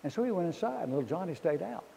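A man preaches a sermon as pastor, telling stories and drawing the congregation into answering him. His voice sits high and moves around a lot, with a mellow, soft-edged tone. The sound rings out with the long reverb of a large hall. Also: very animated, racing, creaky, husky. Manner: storytelling preacher who leads the congregation in responses.

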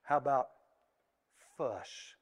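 A man preaching a sermon, moving between quiet asides and loud emphatic peaks and asking his congregation questions. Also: medium pitch, drawn-out words, big-room sound.

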